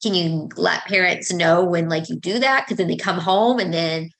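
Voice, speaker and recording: Mom podcast host, 30s woman, animated chatty storyteller, acts out her kids. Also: fairly low pitch, moderate pace, gravelly. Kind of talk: casual chat.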